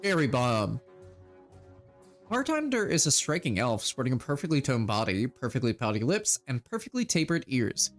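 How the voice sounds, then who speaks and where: A man's voice: medium pitch, very animated, fairly quick, hardly any pauses, faint music behind. A man streaming a video game, reading its text aloud and chatting casually between choices. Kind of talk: let's-play narration and chat.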